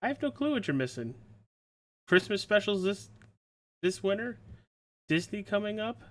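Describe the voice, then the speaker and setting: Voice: mid-range voice, sing-song, moderate pace. A podcast host in casual chat, upbeat and steering the show toward plugs and the sign-off.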